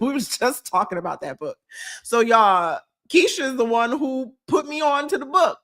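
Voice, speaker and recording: A woman hosts a casual live-stream chat, bubbly and effusive as she answers her viewers. She gushes and laughs easily, with a middle-pitched voice. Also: brisk. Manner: gushing, animated, reads out viewer comments. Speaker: vlogger hosting a live chat.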